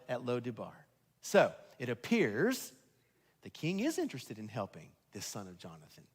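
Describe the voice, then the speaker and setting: Animated preacher man, hall reverb. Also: medium pitch. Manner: animated preaching, swinging from loud emphasis to hushed tones. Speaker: pastor. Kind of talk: sermon. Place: church sanctuary.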